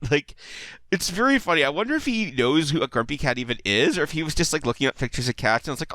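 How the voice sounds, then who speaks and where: A man's voice: fairly high pitch, animated, fast, pushed and bright, dry recording. A man in his thirties giving casual, rambling video commentary, enthusiastic and full of "like" and little chuckles. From United States. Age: 30s.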